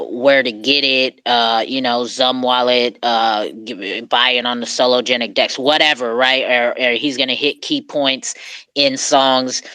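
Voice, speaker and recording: A man's voice: mid-range voice, pushed and bright, clear, resonant tone, no echo. A man hosting a live audio call, talking in an easygoing, slangy way with lots of fillers. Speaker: host.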